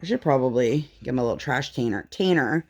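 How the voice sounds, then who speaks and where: A woman's voice: brisk, breathy edge. A woman in her thirties chatting casually while she crafts, acting out the people in her story with big jumps in her voice. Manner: animated storytelling, acts out dialogue with big pitch jumps. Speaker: craft vlogger.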